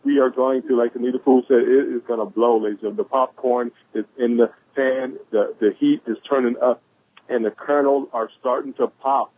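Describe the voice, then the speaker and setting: An exuberant man with a drawl gives a high-energy motivational talk over a conference call, whooping and calling out to the crowd. His voice sits at a middle pitch and comes through a thin, phone-like line. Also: steady tone, brisk, no room sound. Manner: exuberant, shouts "woo", repeats "ladies and gentlemen". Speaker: caller sharing quotes.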